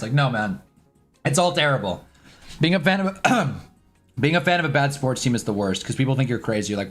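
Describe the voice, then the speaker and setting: A man at his desk mic hosts a live sports stream in casual talk. His voice sits at an ordinary middle pitch, and he rambles loosely, swearing as he chats with his viewers. Faint music plays softly under him. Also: big pitch swings, fairly quick. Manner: loose and chatty, swears, talks to chat. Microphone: own desk mic.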